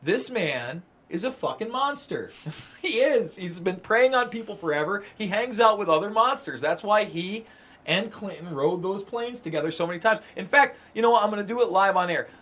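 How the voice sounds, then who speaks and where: Brief: fired-up male livestream host, slightly high voice, profane, emphatic. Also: lively intonation, moderate pace, fairly bright tone. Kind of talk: casual livestream chat.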